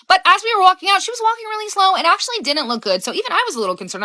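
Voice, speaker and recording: A mother telling an animated personal story, laughing as she talks. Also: a little high, very fast, few pauses, no echo. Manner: expressive, laughs while telling.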